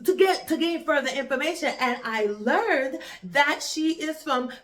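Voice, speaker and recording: A woman from Jamaica with a Jamaican accent, giving a chatty, animated film review with emphatic repetition. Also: high-pitched, unhurried. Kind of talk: casual spoken film review.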